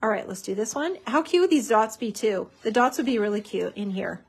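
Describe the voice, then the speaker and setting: A woman's voice: a little high, expressive, fairly quick, slight background noise. A woman hosting a crafting tutorial, chatting enthusiastically as she glues and layers papers. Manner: chatty, enthusiastic, lots of "so cute". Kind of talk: casual crafting demonstration.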